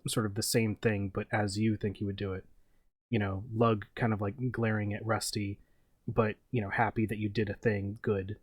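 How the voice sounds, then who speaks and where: A man's voice: fairly low pitch, no echo. A man narrating a tabletop game as game master, in a loose, rambling way full of fillers.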